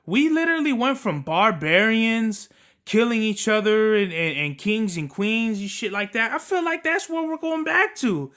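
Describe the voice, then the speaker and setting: A young man hosting a podcast, telling work stories in an animated, profane rant. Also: sits high, normal speed. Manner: animated, cursing, storytelling. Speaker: podcast host.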